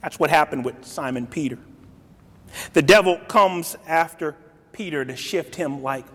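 A man preaching a sermon in a dramatic way, swinging between soft and loud and acting out the quotes he reads. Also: a little high, unhurried. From grew up in a city. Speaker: pastor. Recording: long reverb of a large hall.

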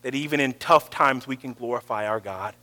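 A man preaching a sermon, swinging from loud calls to near-whispers. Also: medium pitch, a little fast, long reverb tail.

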